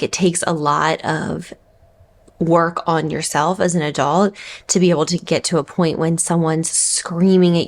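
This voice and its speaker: A woman in her thirties, a mother vlogging, telling a personal story in a candid, reflective, conversational way. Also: low voice.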